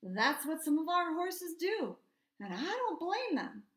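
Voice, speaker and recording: A woman voicing a proud male cavalry troop horse who lectures in an earnest, brisk way. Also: very high voice, big pitch swings, a bit bright, roomy sound, voice pushed up, heavily acted. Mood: matter-of-fact.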